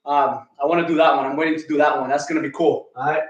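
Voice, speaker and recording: A man's voice: on the high side, steady tone, fast, reverberant, highs cut off. A man leading a live online kettlebell class, counting reps and giving coaching cues while out of breath. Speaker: fitness coach.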